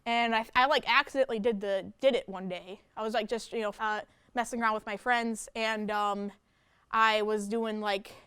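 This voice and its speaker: Young woman metal musician in a radio interview, rambling and casual, with a smooth voice. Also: on the high side, steady tone, normal speed, a bit bright, dry recording, clean studio sound. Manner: rambling, full of "like" and "you know". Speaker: death metal guitarist and vocalist. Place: campus radio studio.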